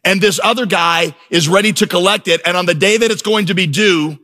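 A man's voice: high-pitched, fairly quick, bright, forceful tone. A middle-aged man preaching a sermon in a church, emphatic and storytelling, building to intense peaks. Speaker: pastor.

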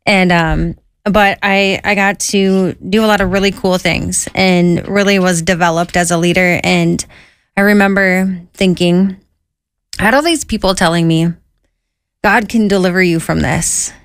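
A woman with a somewhat low voice tells her own story in a relaxed, conversational way. She slips into lively quoted voices for the people in her tale. The sound is close and dry. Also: unhurried, clear, resonant tone, no echo. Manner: lively, quotes herself and others in an animated voice. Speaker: guest sharing her testimony.

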